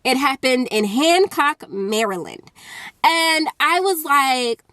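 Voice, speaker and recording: A woman from Alabama telling a personal story on her vlog, animated and full of filler words. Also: high voice, slow, no room sound. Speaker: vlogger.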